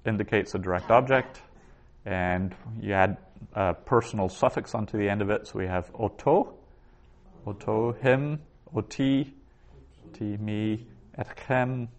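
A man with a lowish, creaky voice teaches a Hebrew class. He says each vocabulary word twice and explains it in a slow, deliberate lecture.

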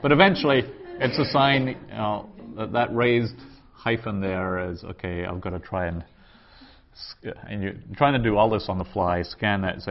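Guy teaching hebrew grammar to a class, lowish voice, kinda dull lo-fi recording. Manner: explains patiently, sounds out words slowly. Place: classroom around a table.

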